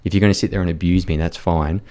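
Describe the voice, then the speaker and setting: Podcast guest: man, low-pitched, blunt, profane, rambling storyteller. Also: fairly even intonation, quick pace, mellow. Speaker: podcast guest, war reporter. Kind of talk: casual storytelling chat.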